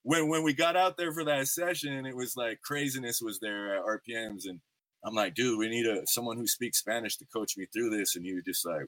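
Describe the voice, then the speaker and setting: Bright, dry-voiced casual male podcast host. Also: mid-range voice, fairly even intonation, brisk, dry recording. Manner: laid-back slangy storytelling with lots of fillers. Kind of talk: casual interview chat.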